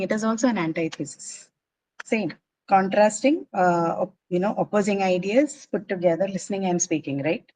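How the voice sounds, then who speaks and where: A woman's voice: mid-range voice, darkish tone, dry recording, poor audio. A woman teaching a class, explaining figures of speech patiently and checking that students follow. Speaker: English literature teacher. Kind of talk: classroom lecture.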